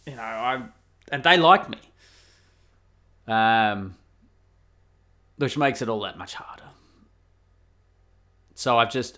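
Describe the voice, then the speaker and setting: A man's voice: medium pitch, expressive, slow, pauses often, fairly bright tone. A middle-aged Australian man hosting a podcast, talking candidly in a rambling, casual way with restarts and swearing. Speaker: podcast host. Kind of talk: casual solo podcast monologue.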